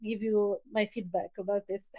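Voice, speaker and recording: Slow, hesitant woman with a mellow voice. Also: medium pitch, steady tone, no room sound. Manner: hesitant, many pauses and fillers, restarts. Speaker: community member asking questions. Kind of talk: casual live discussion.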